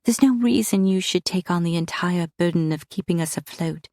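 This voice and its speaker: A woman's voice: on the low side, normal speed, a little mellow, no echo, studio quality, natural voice. A woman voicing a timid, earnest young woman painter who speaks eagerly and a little breathlessly.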